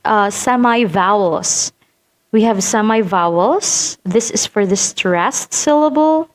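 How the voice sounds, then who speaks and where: A woman teaching vowel sounds in a patient lesson, repeating sample words to demonstrate them. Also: medium pitch. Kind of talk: phonetics lesson.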